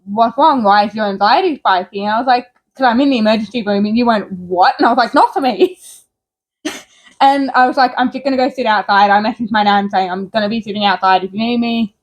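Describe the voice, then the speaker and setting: Chatty young woman, higher voice. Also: brisk. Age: young adult. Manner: laughs often, animated and chatty. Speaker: co-host. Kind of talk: casual storytelling chat.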